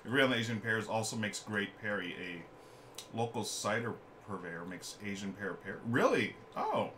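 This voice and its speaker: A man's voice: lowish voice, moderate pace, noisy background. A man hosting a live game stream, chatting casually and reading viewer comments aloud at a desk mic. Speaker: streamer host. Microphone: desk microphone.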